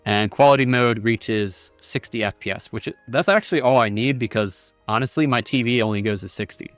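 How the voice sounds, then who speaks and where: A man's voice: mid-range voice, brisk, no echo. Casual male game streamer, dry sound. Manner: rambling, reads text aloud with many fillers. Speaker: gaming streamer. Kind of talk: casual livestream commentary. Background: faint game music.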